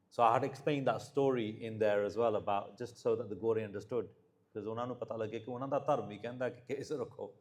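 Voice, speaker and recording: A man's voice: on the low side, reverberant. A man giving a religious talk, telling stories and mixing English with Punjabi phrases, growing more emphatic as he preaches. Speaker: Sikh preacher.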